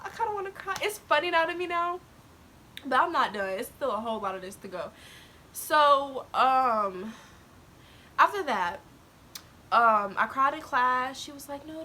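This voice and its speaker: Her voice sits high and runs at a normal speed, with slight background noise, as this young adult vlogger casually tells her viewers something personal. She laughs often and is animated, though at moments she is almost in tears.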